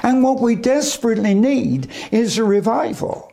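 A male evangelist preaching a sermon, slow and deliberate, with emphatic pauses between phrases. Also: very high-pitched, animated, gravelly, warm tone.

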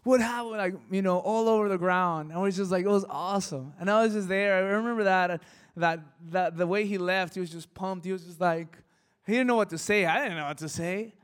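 High-voiced preacher man telling stories. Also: brisk, smooth. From Mexico. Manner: animated, shifting from hushed to loud and emotional. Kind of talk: sermon storytelling.

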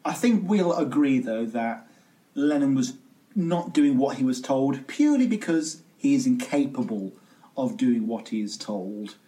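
A man's voice: mid-range voice, very animated, unhurried, mellow. A man co-hosting a music podcast, chatting casually with wry joking asides. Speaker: podcast co-host.

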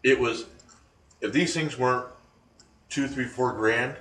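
A man co-hosting a chat show about paranormal investigations, telling rambling, animated stories full of restarts. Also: medium pitch, measured pace. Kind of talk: casual radio-style chat. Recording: echoey room, distant from mic, faint noise.

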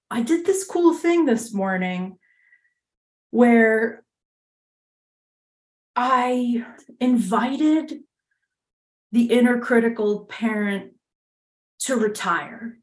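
A woman's voice: fairly high pitch, very slow, pauses often. A young woman from New York candidly sharing her recovery story in a frank, casual way, full of "like" and "you know" and the odd swear word. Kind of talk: candid personal share. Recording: roomy echoey sound.

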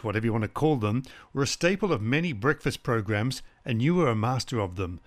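A man hosting an interview, asking measured, well-prepared questions. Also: mid-range voice. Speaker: podcast host.

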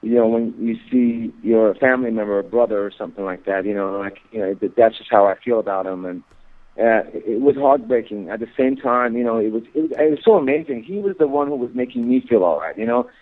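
Male phone-in guest, halting and emphatic, tinny line. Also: mid-range voice. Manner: halting, repeats words, grows emphatic. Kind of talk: interview on radio.

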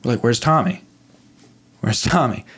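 A man's voice: mid-range voice, animated, moderate pace, fairly bright tone. A young man telling a spooky story as a podcast guest, rambling and profane, with lots of fillers and restarts. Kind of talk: casual storytelling.

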